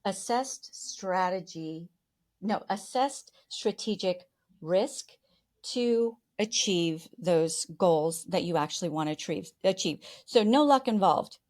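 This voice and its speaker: A woman's voice: fairly low pitch, slow. Older woman, chatty, frequent restarts, conversational interview. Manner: chatty, restarts often, animated when quoting others.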